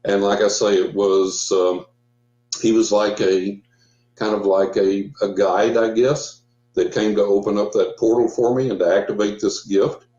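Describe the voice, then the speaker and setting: A guest psychic, an older man with a low, dark voice, rambles unhurriedly and steadily through a story on a radio talk show. He frequently restarts and quotes dialogue in this casual storytelling interview. His audio is muffled and roomy, as though phoned in remotely.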